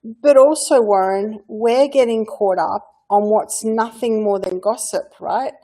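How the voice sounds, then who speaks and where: A woman's voice: on the high side, unhurried, dark tone. A woman hosting a casual group chat on a video call, making her point firmly with rhetorical questions. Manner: firm, lecturing with rhetorical questions.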